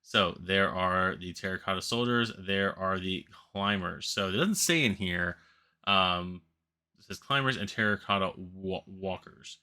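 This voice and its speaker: A sleepy man hosts a board game channel, casually rambling through solo commentary on a crowdfunding campaign, correcting himself and laughing at his own slips. His low voice is unhurried yet pushed and bright, with a clear, resonant tone.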